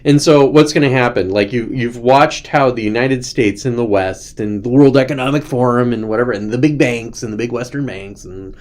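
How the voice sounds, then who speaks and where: A man's voice: medium pitch, normal speed, hardly any pauses. Ranting sarcastic man hosting a show. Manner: ranting, sarcastic, with mocking put-on quotes. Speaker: host. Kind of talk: casual political commentary.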